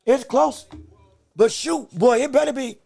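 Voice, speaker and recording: A male podcast host giving live commentary on a boxing decision. He talks excitably, repeats himself, breaks into shouts, and greets viewers from the chat. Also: very high-pitched, measured pace, gravelly.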